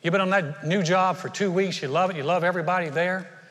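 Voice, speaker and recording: A man preaching a sermon as pastor, animated and acting out short voices in his stories. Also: high voice, quick pace, big-room sound.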